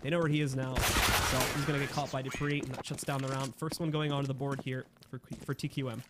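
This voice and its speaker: A man giving lively play-by-play commentary on an esports match, chatty and quick to laugh. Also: medium pitch, background noise. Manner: laughs easily, upbeat and chatty. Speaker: esports caster.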